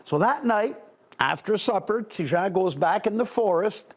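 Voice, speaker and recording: Male storyteller for children, animated and chatty, slightly high, husky edge. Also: normal speed. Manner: animated, conversational, with asides to the audience. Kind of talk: live oral storytelling for children.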